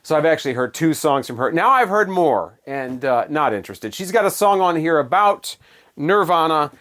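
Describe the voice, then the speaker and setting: A man's voice: a little high, big pitch swings, moderate pace, fairly bright tone. A man giving a casual spoken album review in a sarcastic, dismissive, rambling way.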